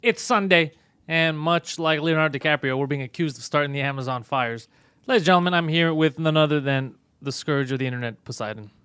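A man's voice: a little high, a little fast, a bit bright, clear, resonant tone, no echo. A man hosting a comedic live stream, joking and emphatic as he chats with a co-host and greets viewers.

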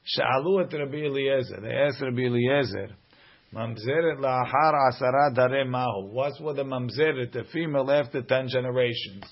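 A man's voice: mid-range voice, moderate pace, muffled recording. A man teaching a Talmud lesson, reading each Aramaic line aloud and then translating it.

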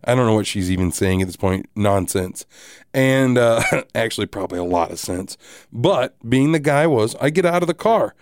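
A married man hosting a podcast, telling a story casually in a rambling, animated way with many restarts and asides. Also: mid-range voice, normal speed, dry recording, studio quality. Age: adult, married. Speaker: podcast host.

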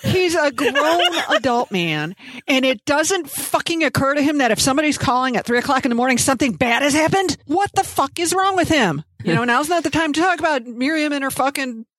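A woman co-hosting a podcast, blunt and sarcastic and quick to swear. Her voice sits high and moves a lot in pitch. The recording is dry and close. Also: expressive, fairly bright tone, no room sound. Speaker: podcast co-host. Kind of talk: casual chat.

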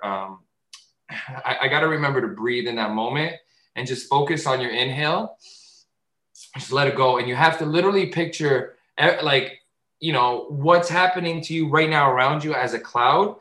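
A man talking casually on a podcast, animated and swearing freely, often jumping into loud high voices to act out bits. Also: echoey room, poor audio. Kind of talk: casual chat.

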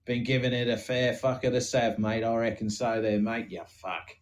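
A man's voice: medium pitch, fairly even intonation, normal speed, natural voice, rough recording. A man doing an Australian gold prospector in an improvised comedy sketch, with rambling, crude, swear-heavy banter. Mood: boasting banter. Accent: Australian, put on. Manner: rambling, swearing, crude comparisons ending in "mate". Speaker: podcast co-host.

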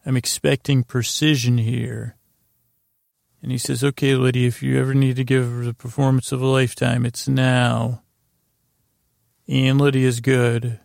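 A man hosting a sleep podcast, recapping a TV episode in a halting, rambling way with lots of fillers and restarts. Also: vocal fry, dry recording, studio quality. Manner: low-key, flat retelling of dialogue. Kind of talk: meandering bedtime recap of a TV episode.

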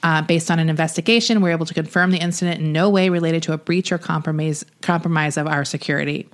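Relaxed, slightly low-voiced woman podcaster. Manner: relaxed, loose, filler-heavy with many uhs and likes. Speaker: podcast co-host. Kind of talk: casual chat, reading news stories aloud.

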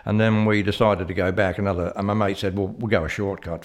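A man's voice: fairly low pitch, steady tone, quick pace. A man telling a rambling, sweary story in casual chat.

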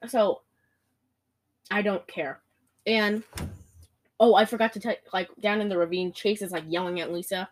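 A young woman chatting casually, recapping a movie in quick, giggly bursts with lots of laughter. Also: mid-range voice. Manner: giggly, rapid-fire, animated storytelling.

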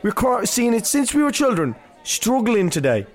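Man voicing a furious English football supporter, high-pitched rant for a comic bit. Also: sing-song, moderate pace. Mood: aggrieved. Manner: ranting, repeats a wrong name. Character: angry middle-aged English football fan. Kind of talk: comedy sketch.

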